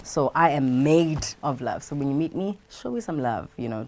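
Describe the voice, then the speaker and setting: A woman's voice: sits low, expressive, normal speed, few pauses, a little mellow. A South African woman, a radio presenter, chatting playfully and animatedly in a casual interview, laughing often. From KwaZulu-Natal, South Africa.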